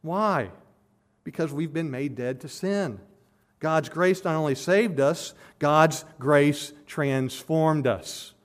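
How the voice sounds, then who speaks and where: Earnest man preaching, slightly high voice. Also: slow. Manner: earnest, builds to emphatic peaks. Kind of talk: expository sermon.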